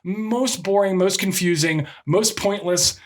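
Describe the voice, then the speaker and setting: A man's voice: sits high, measured pace. A man co-hosting a podcast, blunt and sweary, often laughing. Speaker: podcast co-host. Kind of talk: casual podcast chat.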